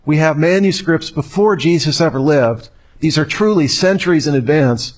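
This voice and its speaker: A man's voice: fairly high pitch, moderate pace. A man speaking to a live audience in a conversational, storytelling way with rhetorical questions.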